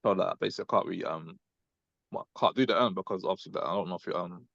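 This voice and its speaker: A man's voice: low voice, very fast, gravelly, fairly bright tone, no echo. A young British man telling a story on a casual group call, rambling and full of fillers, tagging "innit" onto his lines. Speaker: class member recounting an encounter. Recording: dull lo-fi audio.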